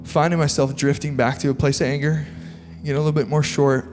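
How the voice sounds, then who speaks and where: A man's voice: fairly high pitch, flat delivery, fast. A young man, a pastor, telling a personal story in a sermon and building into earnest, impassioned preaching. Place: large church auditorium. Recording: live church hall reverb with soft music.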